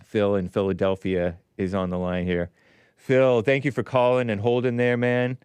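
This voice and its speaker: A man's voice: lowish voice, flat delivery, moderate pace, a little mellow, clear, resonant tone, no echo. A man hosting a call-in talk show, rambling and combative, laughing at his own jokes.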